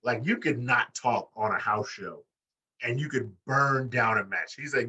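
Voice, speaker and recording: A bright, husky-voiced man chats on a wrestling podcast, swearing freely and jumping into high put-on voices for quotes. He sits some way back from the mic. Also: a little slow, far from the mic. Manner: animated, profane, acts out quotes in high voices. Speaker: podcast co-host. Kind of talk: casual wrestling podcast chat.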